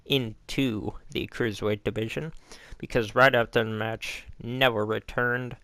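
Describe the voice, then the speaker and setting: A man's voice: mid-range voice, vocal fry, fairly bright tone, no room sound. A man giving a casual, rambling recap of a wrestling show, often stopping to correct himself. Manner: rambling, self-correcting, loose and informal. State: hiccups.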